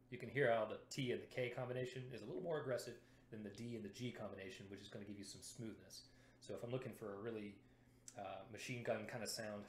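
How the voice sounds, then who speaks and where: Methodical brass teacher, echoey room. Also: male voice, on the low side, steady tone, fast talker, slight background noise. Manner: clear, methodical, demonstrates syllables aloud. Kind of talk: instructional video lesson.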